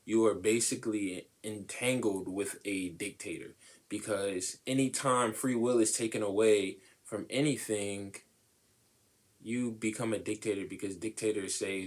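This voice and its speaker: Young man, podcast co-host, lowish voice, casual slangy relationship talk, animated. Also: unhurried.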